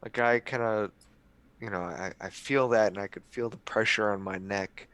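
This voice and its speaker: A man playing a tabletop role-playing game, describing his character's actions in a halting, hesitant way. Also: on the low side, fairly even intonation, a bit bright, smooth. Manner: halting, hesitant, with many fillers. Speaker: player. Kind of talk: in-character play narration.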